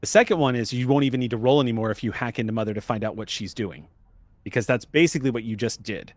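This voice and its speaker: A man's voice: medium pitch, fast talker, no room sound. A man is game master for a tabletop session, patiently spelling out the rules and moving the story along. His voice sits in an ordinary middle register. The sound is close and dry.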